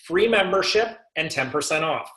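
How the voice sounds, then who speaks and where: A man with a slightly high, animated, a-bit-bright voice at a moderate pace leads a sales coaching call. Recorded in an echoey room, he asks rhetorical questions and keeps checking in with "right?"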